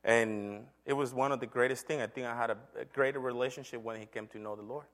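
A man's voice: mid-range voice, fairly even intonation, fast talker, a bit bright. A middle-aged man, a church elder, giving an earnest sermon testimony told as a story. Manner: earnest, storytelling with acted quotes.

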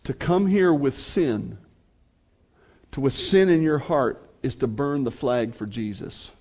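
A man's voice: mid-range voice, slow, a little mellow. A man preaching a sermon to his congregation, speaking earnestly and addressing them directly. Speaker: pastor.

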